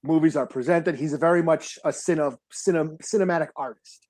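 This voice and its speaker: A man co-hosting a podcast in casual chat, talking haltingly with many restarts and casual swearing. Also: a little high, a little mellow. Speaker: podcast co-host.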